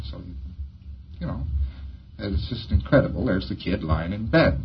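A man's voice: on the low side, animated, moderate pace, pauses often. Man giving a rambling taped lecture. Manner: rambling, chuckles at his own jokes. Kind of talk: informal recorded lecture. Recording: dull lo-fi lecture tape with faint hiss.

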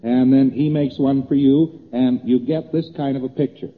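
A man's voice: mid-range voice, fairly even intonation, normal speed. Tinny old lecture by a man. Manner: conversational, repeats points, acts out little exchanges. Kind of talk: lecture explaining graphs on a board. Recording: tinny old tape in a reverberant hall.

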